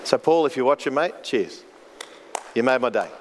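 A man's voice: medium pitch, quick pace, background noise. A man preaching a sermon as pastor, earnest and storytelling, often repeating words as he goes. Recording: long hall reverb.

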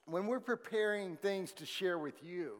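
A pastor with a high voice preaches to his congregation in a relaxed, chatty way, dropping in jokes as he goes. His voice rings with the long reverb of a church hall. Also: measured pace. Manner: conversational, joking asides to the congregation. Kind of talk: sermon.

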